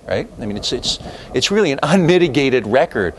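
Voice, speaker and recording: Animated man lecturing history to a class. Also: mid-range voice, fairly quick, a little hiss or hum. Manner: animated, digressive, many fillers and asides.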